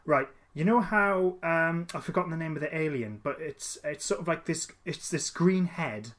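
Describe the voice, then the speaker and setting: A man's voice: fairly high pitch, moderate pace, fairly bright tone. A man chatting casually as a podcast co-host, rambling with many restarts and fillers. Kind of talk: casual chat.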